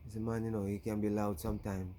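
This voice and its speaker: A man's voice: fairly low pitch, little pitch movement, fast talker, dark tone, a little hiss or hum. A man with a Jamaican accent, vlogging a rambling casual story on his channel and filling it with "you know.". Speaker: YouTuber.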